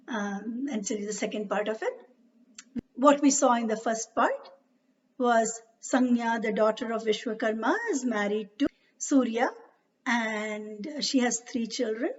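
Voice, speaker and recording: A woman narrating a myth as a storyteller, unhurried and with frequent hesitations. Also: on the high side, a little mellow. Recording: dull, distant recording.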